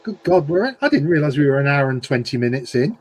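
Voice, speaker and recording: A man's voice: on the high side, big pitch swings, fast, darkish tone, slightly rough. A man co-hosting a casual livestream, answering his friend with dry, teasing comebacks. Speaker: co-host.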